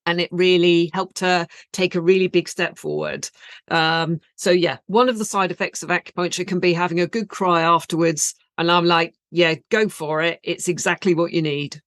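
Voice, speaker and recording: A woman with a British accent, an acupuncturist guest, explaining things in a calm and measured way during an interview. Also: on the low side, dry recording.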